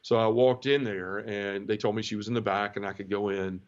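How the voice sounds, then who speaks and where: A middle-aged man from the southern United States, giving an emotional personal testimony in an interview, halting and full of restarts. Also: on the low side, fairly even intonation. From Memphis area, southern United States. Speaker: guest. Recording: dull lo-fi audio.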